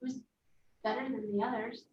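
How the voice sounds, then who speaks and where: A woman's voice: fairly high pitch, steady tone, normal speed, recorded from a distance, slight background noise. A woman guest chatting casually at a wine tasting, rambling and trailing off. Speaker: guest taster. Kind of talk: casual chat. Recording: dull, echoey audio from off-mic.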